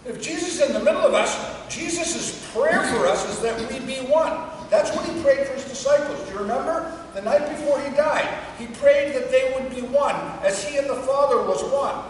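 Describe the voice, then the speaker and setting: A woman priest giving a conversational sermon to a congregation, dropping to a hush when she tells a story. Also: a little high, a little hiss or hum. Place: church before a congregation. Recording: echoey church from far off.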